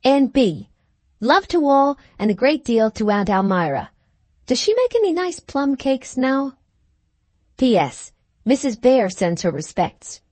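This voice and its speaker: Storybook figure: a cheeky schoolboy, chirpy and bouncy, voiced by a woman narrator. Lively, lifting voice on every postscript. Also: high voice, a little slow, dry recording, heavily acted. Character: cheeky schoolboy writing to grandma.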